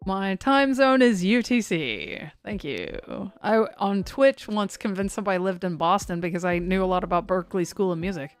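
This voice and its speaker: A woman's voice: medium pitch, animated, moderate pace, clear, resonant tone, faint music behind. A woman hosting a severe weather live stream, chatting loosely and poking fun at herself as she talks to her chat. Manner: rambling and self-mocking, talks to chat.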